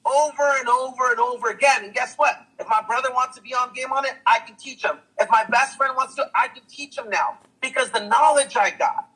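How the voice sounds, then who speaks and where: Man, high husky voice, excitable motivational testimonial, repeats himself, talks straight to camera. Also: fairly quick, low-quality recording. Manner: hyped, repetitive, preachy, says "guys" and "guess what" a lot. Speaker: testimonial speaker.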